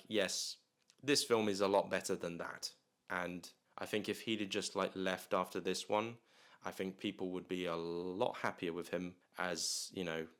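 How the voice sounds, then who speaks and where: A man's voice: low voice, fairly bright tone. A man reviewing a movie in a casual, rambling way, full of restarts, fillers and jokey asides.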